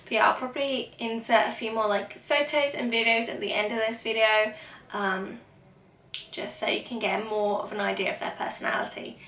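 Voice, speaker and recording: A woman's voice: a little high, fairly even intonation, moderate pace, a bit bright. Chatty woman in an echoey room. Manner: chatty and rambling, with many fillers. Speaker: vlogger. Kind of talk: casual vlog talk to camera. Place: at home, indoors. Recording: echoey room, mic at a distance.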